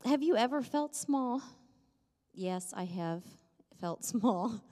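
A woman's voice: on the high side, warm tone. A woman preaching a sermon in a church, conversational and self-deprecating with light humor. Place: church sanctuary. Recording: long reverb of a church hall.

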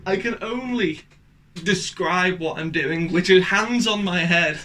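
A young man co-hosting a comedy podcast, swearing freely and breaking into quick excitable outbursts in casual banter. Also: high-pitched, a little hiss or hum. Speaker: podcast co-host.

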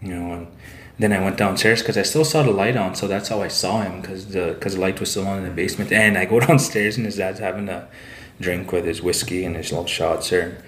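A man's voice: sits low, fairly even intonation, fairly quick, fairly bright tone, slight background noise. Rambling man in an echoey room. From Saskatchewan, Canada. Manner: rambling, tag "eh" and "like" fillers. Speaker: podcast guest, author. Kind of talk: casual storytelling. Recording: roomy echo.

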